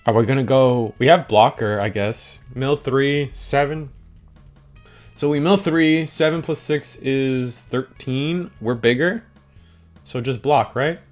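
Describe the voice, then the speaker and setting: A man's voice: medium pitch, takes it slowly, soft background music. A young man hosting a stream, giving casual, rambling live commentary on a card game and chatting with viewers in slang. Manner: rambling and slangy, talks to chat.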